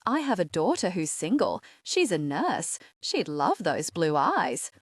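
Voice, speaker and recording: A woman's voice: fairly low pitch, very animated, a little slow, husky, no echo, studio quality, exaggerated voice. A woman doing a cheeky Australian auntie. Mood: teasing.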